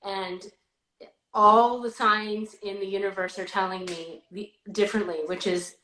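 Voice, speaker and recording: A woman in her thirties hosts a podcast, chatting candidly and animatedly, rambling with restarts. Her mid-range voice moves a little slowly, and the rough recording sounds roomy.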